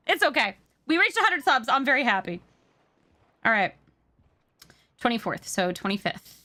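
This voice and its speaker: A woman's voice: a little high, sing-song, normal speed, pauses often, bright, forceful tone. A woman streamer gushing thanks to her chat between bits of roleplay as a police sergeant.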